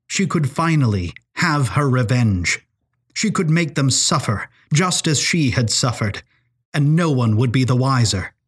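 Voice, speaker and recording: A man narrating a scripted audio story in a measured, dramatic way. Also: mid-range voice, expressive, breathy edge.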